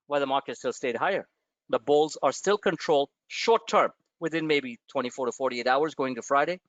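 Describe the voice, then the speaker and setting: A man's voice: high voice, no room sound, dull audio. A man hosting a live stock-trading webinar, talking casually with profane asides and rambling stories. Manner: animated, profane, tangents into personal stories.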